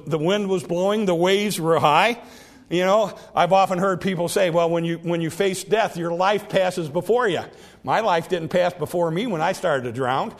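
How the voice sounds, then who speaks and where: A man with a notably high voice preaches a sermon, working through numbered points one by one. He acts out quoted words with growing force. He sounds middle-aged.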